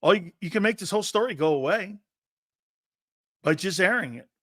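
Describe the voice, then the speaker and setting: A man's voice: high voice, animated, a little fast, a bit bright, no room sound, clean studio sound. A brash middle-aged man hosting a sports talk show, ranting in rhetorical questions and laughing often.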